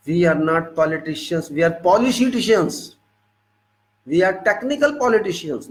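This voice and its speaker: A man's voice: sits high, animated, moderate pace, rough recording. A man with an Indian English accent, from India, giving an emphatic, repetitive monologue as a civil engineering lecturer.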